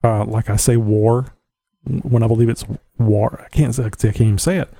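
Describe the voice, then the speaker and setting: A man's voice: medium pitch, quick pace, vocal fry, mellow, husky, no echo. A man with a Southern US accent hosting his own podcast, rambling on in a blunt, opinionated way and chuckling to himself. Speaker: podcast host. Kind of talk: casual rambling monologue. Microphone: home podcast mic.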